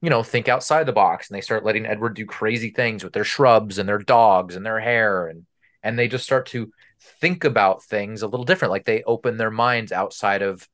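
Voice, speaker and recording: Low-voiced man chatting about a film. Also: steady tone, normal speed, fairly bright tone. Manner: chatty, explains at length with fillers. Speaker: podcast co-host. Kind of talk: casual film discussion.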